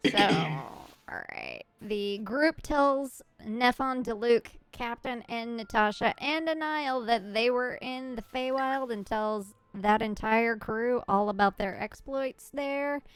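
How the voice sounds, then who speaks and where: Giggly, unhurried woman recapping a game. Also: fairly high pitch, smooth. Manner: chatty, giggly, self-interrupting.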